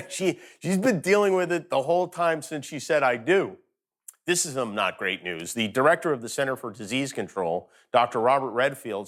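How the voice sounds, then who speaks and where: A man's voice: mid-range voice, a bit bright. A man hosting a late-night show, delivering a sarcastic comedic monologue from home.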